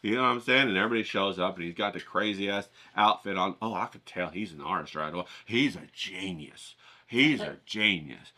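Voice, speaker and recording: A man's voice: deep voice, fast, hardly any pauses. A man in a casual vlog, telling rambling, profane comic stories while he paints outdoors. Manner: profane, rambling, lively storytelling. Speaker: painting vlogger. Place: outdoors at a golf course.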